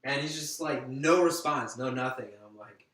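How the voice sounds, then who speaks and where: A young man casually telling a story in a chat, animated and slangy, swearing freely. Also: medium pitch, moderate pace. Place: apartment room. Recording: echoey room.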